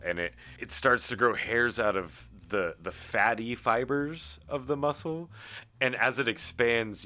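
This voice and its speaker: A man's voice: on the low side, pushed and bright, smooth. A man running a tabletop game as game master, narrating vivid descriptions.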